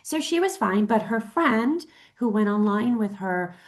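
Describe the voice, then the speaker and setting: A middle-aged woman co-hosting a talk show, telling a personal story in a chatty way with many restarts and lively quoted voices. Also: a little high, measured pace. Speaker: co-host. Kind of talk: casual storytelling chat.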